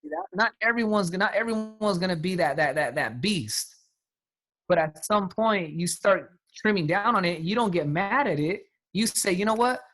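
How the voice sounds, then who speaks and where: A man's voice: sits high, lively intonation, moderate pace, a bit bright. A man coaching his sales team on a call, talking emphatically in casual slang. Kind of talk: motivational talk on a team call.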